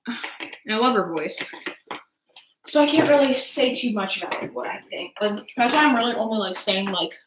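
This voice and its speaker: A woman's voice: on the high side, lively intonation, moderate pace, noisy background. Rambling young woman vlogger. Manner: rambling, lots of "like" and "um" fillers; eating while talking. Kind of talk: casual chat.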